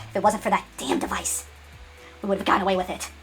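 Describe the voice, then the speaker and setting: Rapid, rambling woman storyteller. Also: mid-range voice, soft background music. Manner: excitable, repetitive, stumbling.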